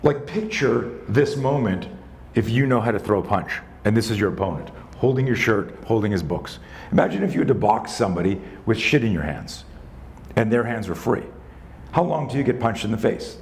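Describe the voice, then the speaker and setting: A man in his sixties, a self-defense instructor telling a story in a live talk, animated, conversational and profane. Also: on the low side, fairly quick, creaky, a little hiss or hum. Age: 60s.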